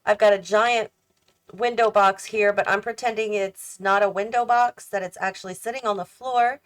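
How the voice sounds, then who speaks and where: A woman's voice: mid-range voice, steady tone, moderate pace. Tired, chatty woman narrating a game build. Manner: chatty, thinks aloud and questions herself. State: tired, yawning. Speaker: host of a gaming channel. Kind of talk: casual commentary while building a house in a game.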